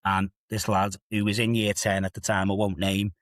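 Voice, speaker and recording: A man's voice: fairly low pitch, completely flat delivery, normal speed, no echo, clean studio sound. A man in his fifties with a Liverpool accent, an assistant head teacher telling stories with emphatic, rhetorical asides in a podcast discussion. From England.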